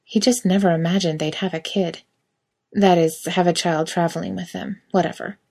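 A woman reading a piece of fiction aloud in a steady storytelling manner. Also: lowish voice, moderate pace, vocal fry. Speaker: reader. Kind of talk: audiobook reading of fan fiction.

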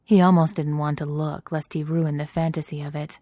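Low, soft-spoken woman reading aloud. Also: little pitch movement, normal speed, no echo, studio quality. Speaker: narrator. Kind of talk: reading erotic fiction aloud.

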